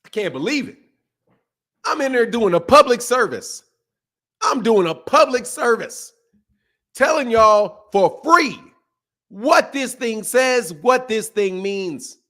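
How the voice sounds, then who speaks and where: A middle-aged man rants as host of his boxing show, mocking his critics with a steady stream of profanity. His voice sits fairly high and leaps around in pitch, swinging from loud outbursts to muttered asides. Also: takes it slowly, long pauses. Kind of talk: ranting commentary.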